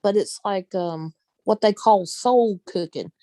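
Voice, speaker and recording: A woman's voice: medium pitch, a little slow, dark tone, no room sound. A woman from the Southern United States with a Southern accent, chatting casually on her vlog, laughing often and using folksy phrases. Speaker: vlogger. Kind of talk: casual chat.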